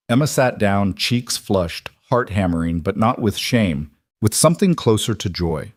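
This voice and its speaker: A man narrating a scripted story in a steady, measured way. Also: lowish voice, no room sound, clean studio sound.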